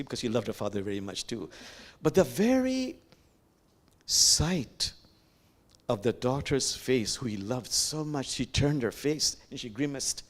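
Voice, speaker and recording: Older man, Bangladeshi accent, imam giving a sermon, gentle storytelling, lively rising and falling pitch, middle voice. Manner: gentle, animated storytelling with pauses and fillers. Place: sanctuary.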